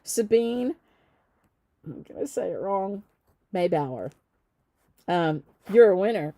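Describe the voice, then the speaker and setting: A woman's voice: medium pitch, sing-song, takes it slowly, pauses often, dark tone, no room sound. A woman with a light Southern accent, a shop owner chatting casually on a live stream, upbeat, with lots of ums. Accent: Southern US, softened by travel. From Southern United States. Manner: chatty and upbeat, with frequent ums and little laughs.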